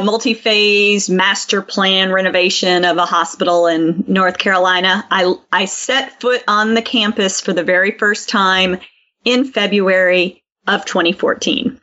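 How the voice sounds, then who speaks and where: A woman's voice: mid-range voice, sharp tone. A woman co-hosting a podcast, chatty with lots of ums. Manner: chatty, many fillers. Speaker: podcast co-host. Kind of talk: casual chat. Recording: dull lo-fi sound.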